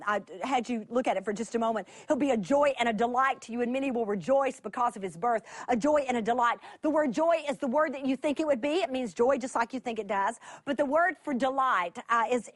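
A woman teaching from scripture in an animated, lively sermon, laughing as she tells the story. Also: high-pitched, no room sound. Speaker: Bible teacher.

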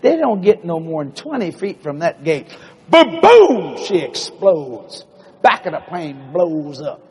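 A middle-aged male preacher telling a story in a sermon in a church, animated and breaking into loud exclamations. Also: a little high, measured pace, long reverb tail, slight background noise. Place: church building.

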